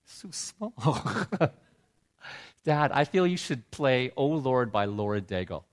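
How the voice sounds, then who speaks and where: A middle-aged man telling a heartfelt personal story in a sermon, his voice dropping low and soft when he is moved. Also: big pitch swings, slow pace. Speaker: preacher. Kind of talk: sermon testimony.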